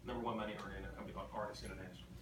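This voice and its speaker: A man's voice: fairly low pitch, flat delivery, racing. Man preaching business in an echoey hall. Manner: emphatic and repetitive, rhetorical questions to the crowd. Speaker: motivational speaker. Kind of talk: motivational convention talk. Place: large convention hall. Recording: echoey hall from far off, ambient noise.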